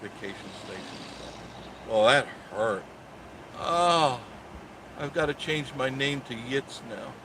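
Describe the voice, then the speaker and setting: A man's voice: medium pitch, takes it slowly, background noise. A man in his sixties hosting a live stream, chatting casually and joking sarcastically as he reads viewer comments. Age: 60s.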